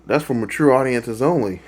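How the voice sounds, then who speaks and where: A man's voice: medium pitch, darkish tone, breathy edge. A man hosting a reaction video, talking in a rambling, casual way with lots of fillers and restarts and laughing at his own jokes.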